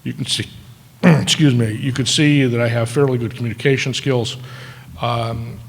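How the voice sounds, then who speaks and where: A man's voice: medium pitch, fairly even intonation, moderate pace, creaky. A man in his sixties giving a storytelling ceremony speech as keynote speaker, with dry, self-deprecating humor. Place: large auditorium. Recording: echoey hall with long reverb.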